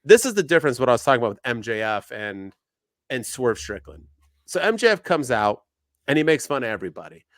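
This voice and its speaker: A man co-hosting a wrestling podcast, talking in animated, ranting bursts. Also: mid-range voice, fast, no room sound, clean studio sound. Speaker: podcast co-host. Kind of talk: casual podcast chat.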